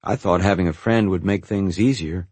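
A man with a very low, husky voice reads a first-person story in a calm, reflective way. The recording is dry and close, with no room around it. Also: normal speed, no room sound. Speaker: narrator. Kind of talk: first-person audiobook narration.

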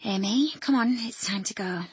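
Hesitant young female student nurse in an audiobook, voiced by a woman with a husky tone. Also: fairly high pitch, normal speed, no echo, pitched above the performer's own voice. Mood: firm. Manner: hesitant, apologetic.

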